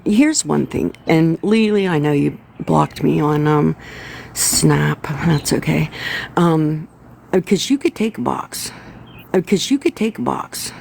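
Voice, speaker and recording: A woman's voice: low voice, gravelly, noisy background. A woman hosting a casual commentary livestream, blunt and exasperated, repeating her points and swearing. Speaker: livestream host.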